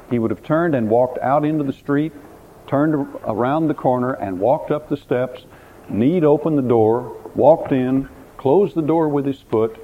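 A man, a pastor, preaching a sermon, telling a story dramatically and putting questions to the listeners, often repeating words. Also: mid-range voice. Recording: tinny phone-like recording, faint hiss.

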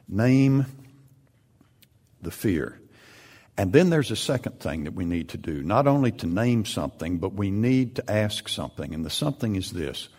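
A man preaching a sermon, building into loud, emphatic peaks as he retells and presses his points. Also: on the low side.

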